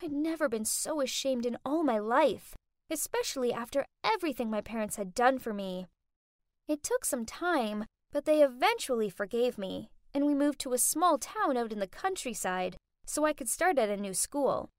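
A woman's voice: sits high, animated, moderate pace, no room sound, clean studio sound. A woman narrating a first-person story in a dramatic, gushing way.

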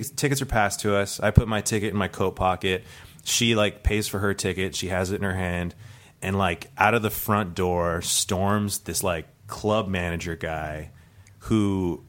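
A man with a low voice tells a true story as a guest on a comedy podcast. He rambles, piles on fillers and restarts, and keeps laughing at his own tale. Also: fairly bright tone.

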